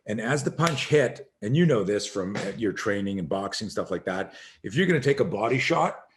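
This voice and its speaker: Low-voiced man telling an animated story. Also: normal speed, background noise. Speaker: podcast guest, self-defense instructor. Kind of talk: storytelling in a podcast interview.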